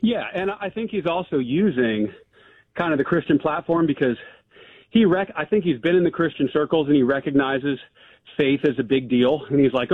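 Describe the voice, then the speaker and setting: A man's voice: on the high side, normal speed, slight background noise. Male caller on a tinny phone line. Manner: casual, filler-heavy with "like" and "um". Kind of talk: call-in conversation.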